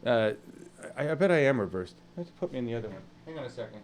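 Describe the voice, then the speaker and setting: Hosting an online news stream, a man speaks in an animated, medium-pitched voice with slight background noise. He greets chat viewers in casual live talk that rambles and halts, with many fillers.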